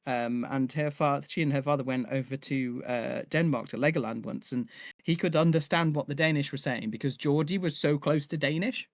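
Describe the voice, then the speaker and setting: A man's voice: on the high side, no room sound, clean studio sound. A young man from Cheshire, an audio drama maker, chatting casually on a live stream and rambling with many fillers and restarts. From Cheshire, England.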